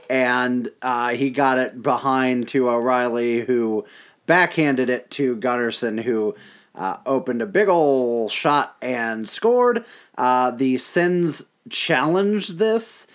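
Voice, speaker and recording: Male co-host, casual hockey chat, wry sarcastic asides, mid-pitch. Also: a bit bright. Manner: joking, sarcastic banter. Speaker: podcast co-host.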